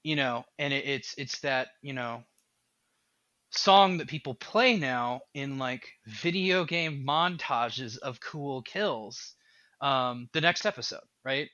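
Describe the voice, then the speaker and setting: Guy w/ a bright tense voice rambling fast on a podcast, dull lofi audio, dry. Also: mid-range voice, no echo. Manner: animated, rambling talker. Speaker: game developer guest. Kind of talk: casual podcast chat.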